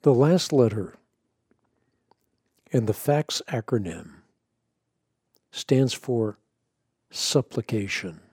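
A man giving a scripted teaching on prayer, measured and earnest, leaning hard on key words. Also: medium pitch, lively intonation, darkish tone, husky, no room sound, clean studio sound. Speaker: Christian teacher.

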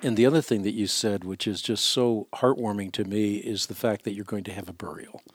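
A man's voice: lowish voice, steady tone, a little fast, dry recording. A male radio host giving earnest, reassuring religious advice to a caller.

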